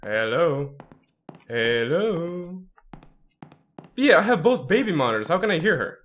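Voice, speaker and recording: A man playing a horror game and commenting, easily startled, swearing and yelling back at the ghosts. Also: on the high side, sing-song, unhurried. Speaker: gaming channel host.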